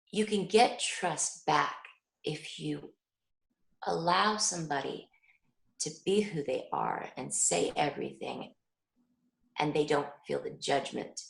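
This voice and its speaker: Telling stories to an interviewer, this middle-aged mother speaks earnestly and animatedly, voicing the quoted dialogue herself as a parent guest. Her low voice is creaky, and the recording is rough and reverberant.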